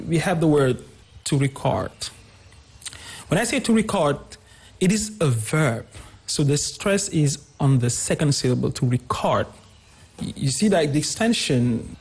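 A male English teacher on a radio show with a husky, slightly breathy voice that sits a little high for a man. He explains patiently and repeats each example word to drive it home. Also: animated, a little fast. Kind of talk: radio interview, explaining pronunciation.

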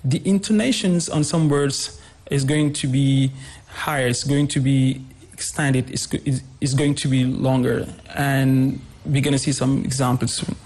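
A man's voice: mid-range voice, fairly even intonation, measured pace, a little mellow. A man explaining English pronunciation on a radio lesson, repeating example words with fillers. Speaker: English teacher guest.

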